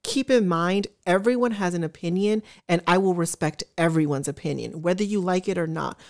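A woman's voice: lowish voice, a little fast, a little mellow. A woman giving casual reaction commentary to her viewers, chatty and earnest, openly emotional and gushing. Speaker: trailer reaction vlogger.

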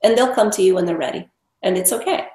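A woman's voice: mid-range voice, fast talker, darkish tone. A woman dog trainer, a guest in an interview, explaining emphatically and repeating words for stress. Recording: echoey room.

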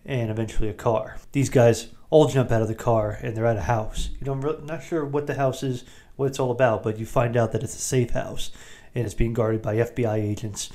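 A man hosting a podcast, giving a rambling, jokey recap of a movie with quick asides. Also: mid-range voice, fairly even intonation, warm tone. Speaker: podcast host.

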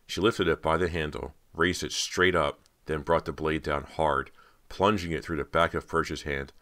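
A man with an extremely deep, low voice reads a horror audiobook in steady, measured narration. The delivery is even and deliberate, paced for storytelling.

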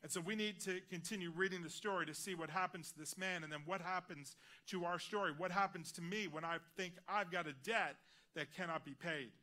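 A man preaching a sermon in a church, earnest and personal, dropping his voice quietly on key lines. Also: sits high, fairly quick. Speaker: guest preacher. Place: large church auditorium.

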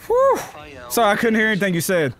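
A man hosting a gaming channel, trading loud, swearing trash talk while playing a fighting game. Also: sits high, wildly swooping pitch, fast, soft background music. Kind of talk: excited gaming banter.

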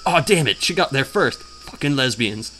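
Crude, lively man. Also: medium pitch, normal speed, slight background noise. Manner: crude, mocking, hums the theme, tries funny voices. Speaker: let's player. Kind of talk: casual gameplay commentary.

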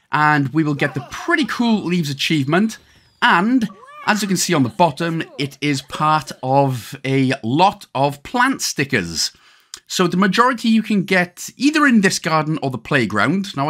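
A Welsh man talks viewers through a video game in a chatty, joking way. His pitch sits a little high for a man and moves in a lively, sing-song way. He drops casual slang and side remarks as he plays. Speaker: gaming guide host. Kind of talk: gameplay walkthrough commentary.

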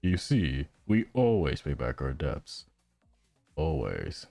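A courteous, scheming schoolgirl agent from a game, read aloud by a man in his low natural voice. The delivery is lively and rises and falls freely, recorded dry with faint music underneath. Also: moderate pace, vocal fry, no room sound, full character voice. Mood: taunting. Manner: reading game dialogue aloud. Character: polite scheming teenage girl agent.

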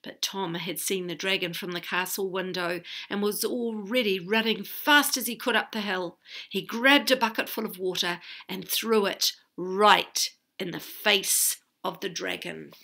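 Slow, bright-voiced woman storyteller. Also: medium pitch, creaky. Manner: expressive, with chatty asides to listeners. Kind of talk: children's story read-aloud.

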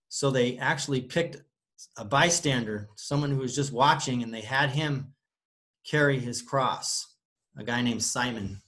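A man leading a youth club, retelling a story to children in a casual, animated way. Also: mid-range voice. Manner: casual, animated storytelling with big swings in loudness.

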